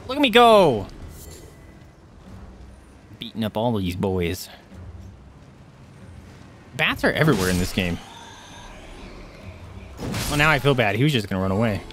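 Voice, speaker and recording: A man's voice: fairly low pitch, unhurried, long pauses, a little hiss or hum. A man livestreaming a game, chatting to viewers and yelping and swearing at enemies. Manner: excitable, yelps and swears at enemies; chatty, thanks viewers by name. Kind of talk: live gameplay commentary.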